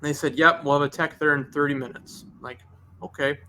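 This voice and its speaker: A man's voice: fairly high pitch, brisk, slight background noise. A man, a detailing shop owner telling a long story on a podcast and acting out both sides of the dialogue. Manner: animated, acts out both sides of conversations.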